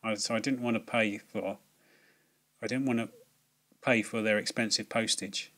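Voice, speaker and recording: A man's voice: fairly low pitch, steady tone, moderate pace, fairly bright tone. Man, casual film review, hesitant, lots of ums and restarts, sweary.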